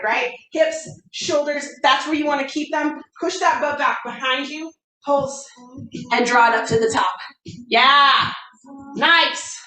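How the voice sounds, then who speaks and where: A woman's voice: sits high, fairly bright tone. A woman fitness coach leading a workout, encouraging and counting down the reps. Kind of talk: workout instruction. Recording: echoey room, distant mic.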